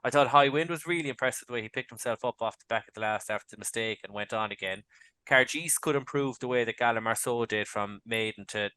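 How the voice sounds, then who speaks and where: A man on a racing podcast panel, talking betting angles in a quick, chatty way with many fillers and restarts. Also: mid-range voice, bright, forceful tone, smooth, no room sound. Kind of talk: casual betting chat.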